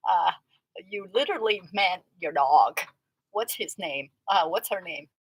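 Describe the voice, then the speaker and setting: A woman's voice: fairly low pitch, animated, a little slow, breathy edge, no echo, low-quality recording. A woman hosting a casual livestream, chatting and teasing as she reacts to viewer comments and laughs often. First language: Vietnamese. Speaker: livestream host.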